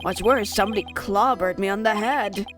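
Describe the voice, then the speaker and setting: A woman's voice: mid-range voice, moderate pace, over music, natural voice. A woman voicing a pompous, fussy male mayor who talks in flowery, grand phrases while reading a game aloud.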